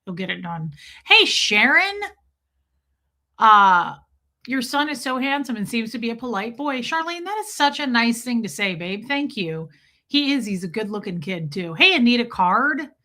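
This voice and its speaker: A woman in her forties hosting a casual livestream, greeting viewers by name and joking with dark humor. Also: fairly high pitch, expressive, a little fast. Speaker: livestream host. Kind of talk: casual livestream chat reading viewer comments.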